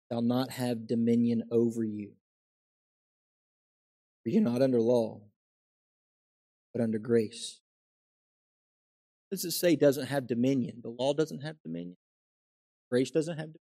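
Emphatic preaching man, mid-pitched. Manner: emphatic preaching, swinging from soft asides to loud raised exclamations. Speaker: pastor. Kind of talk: sermon.

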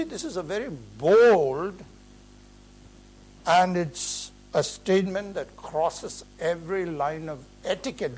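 A man preaching an earnest, emphatic expository sermon in a measured way. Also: fairly high pitch, a little hiss or hum, low-quality recording.

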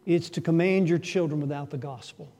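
Guy preaching a sermon, kinda high voice but mellow, asks the room questions. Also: fairly quick. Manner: earnest preaching with sudden rises in pitch and loudness for emphasis; asks the congregation rhetorical questions. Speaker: pastor.

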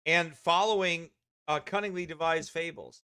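A man's voice: on the high side, steady tone, normal speed, bright, forceful tone, clean tone, dry recording, clean studio sound. A man preaching a fiery sermon as pastor, with mocking, sarcastic asides.

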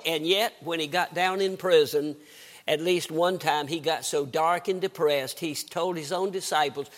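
An older man, preaching a sermon in a folksy, storytelling way with dramatic swings in pitch. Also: a little slow, fairly bright tone. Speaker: guest preacher.

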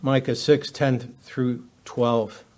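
A man preaching a verse-by-verse Bible lesson, talking in a halting way with many fillers and restarts. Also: medium pitch, level tone, a little mellow, a little hiss or hum. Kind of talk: expository Bible teaching.

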